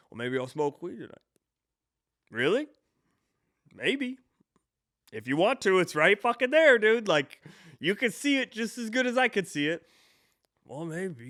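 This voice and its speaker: A twenty-something podcast host delivers a casual storytelling monologue, rambling, swearing, and restarting as he corrects himself. His mid-range voice is a bit bright with a clean tone, captured as dry, clean studio sound.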